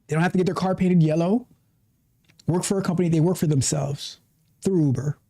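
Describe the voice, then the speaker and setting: A middle-aged tech coach hosts a casual livestream, ranting passionately and interrupting himself with many restarts. His voice is fairly high, brisk and warm.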